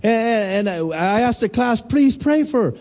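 Middle-aged male pastor; high, mellow voice; full sermon delivery with call-and-response. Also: animated, takes it slowly, soft background music. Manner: preaching with call-and-response questions.

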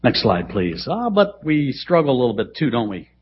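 A middle-aged man preaching a sermon in a church, dramatic, swinging between loud emphasis and hushed asides. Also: medium pitch, sing-song, normal speed, husky. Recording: dull, lo-fi sermon recording.

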